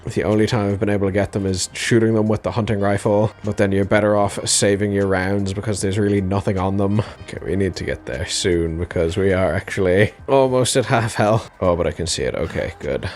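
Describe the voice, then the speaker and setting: Deep-voiced male gamer talking through his play, wry and profane. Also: a little fast, few pauses, darkish tone. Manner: wry, swears and laughs often. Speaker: game commentator. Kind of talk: casual gameplay commentary.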